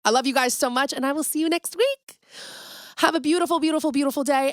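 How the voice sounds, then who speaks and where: A woman hosting a casual solo podcast, talking dramatically and swinging from loud exclamations to hushed asides. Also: high voice, a little fast, dry recording, clean studio sound. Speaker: podcast host.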